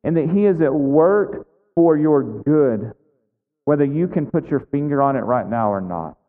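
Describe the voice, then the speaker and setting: A man's voice: fairly high pitch, lively intonation, measured pace. A man pastor preaching a sermon in a church, earnest and conversational, pressing the listeners with repeated questions. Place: church sanctuary. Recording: phone-like sound in a reverberant hall.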